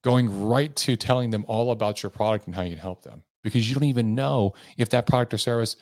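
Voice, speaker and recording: A man's voice: mid-range voice, fast, darkish tone, dry recording, studio quality. A man hosting a sales coaching podcast, talking earnestly and with emphasis. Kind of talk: motivational podcast monologue.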